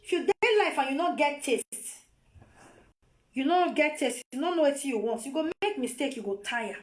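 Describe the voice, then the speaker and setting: A woman with a Nigerian accent speaks to her phone on a live video, her voice sitting high. She scolds and lectures, circling back to the same points again and again. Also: lively intonation, moderate pace. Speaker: vlogger.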